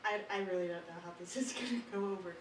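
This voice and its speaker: A woman's voice: on the low side, fast talker, a little hiss or hum. A young woman performing a chatty stand-up bit at an open mic, giggling as she talks. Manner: chatty, giggles through her lines. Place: small performance studio. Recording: roomy, distant live mic.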